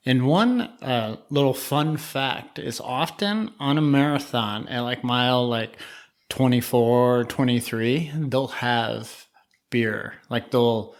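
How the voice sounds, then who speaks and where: A man's voice: medium pitch, slow, vocal fry. A man co-hosting a beer podcast in casual chat, easygoing with self-deprecating humor. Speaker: podcast co-host.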